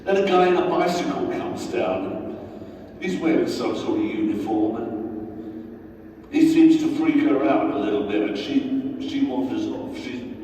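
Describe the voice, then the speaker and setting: A man tells a story in a wry, chatty way, and his voice rings around a very reverberant hall. He is picked up from a distance, with a low hum of room ambience underneath. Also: huge pitch swings, normal speed, mellow. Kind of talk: live spoken-word storytelling. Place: performance venue, indoors. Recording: very echoey hall, distant mic.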